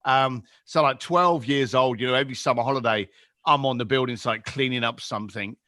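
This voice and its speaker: A man in his fifties with a London accent, a podcast guest telling animated stories and acting out the voices in them. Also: medium pitch, fairly quick, no room sound, clean studio sound. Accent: London English. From England. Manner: lively, acts out voices in anecdotes. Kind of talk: animated storytelling.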